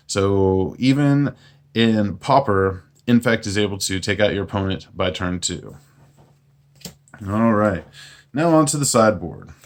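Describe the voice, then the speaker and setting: A man hosting his own channel, walking through a card game deck in a relaxed, plain-spoken way with self-mocking jokes. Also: fairly low pitch. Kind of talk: casual deck walkthrough.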